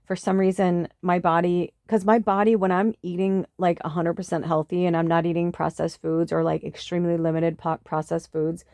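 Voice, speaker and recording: Podcast host, woman, low-ish voice, dry close sound, heated and rambling with lots of swearing. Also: little pitch movement, normal speed, few pauses, dark tone, no room sound. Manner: impassioned, swearing, many fillers. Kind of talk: casual rambling monologue.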